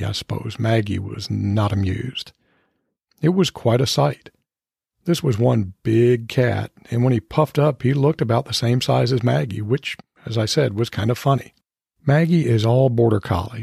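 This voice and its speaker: Male podcast host, mellow husky voice, steady storyteller. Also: medium pitch, dry recording, studio quality. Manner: calm, measured storytelling. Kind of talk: podcast monologue.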